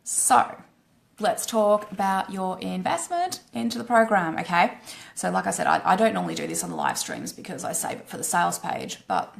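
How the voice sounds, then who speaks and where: An Australian-accented woman coach delivers a blunt, casual live-stream pitch, swearing freely and ending her points with "right?" Her pitch swings widely, her pace is moderate, and she has vocal fry.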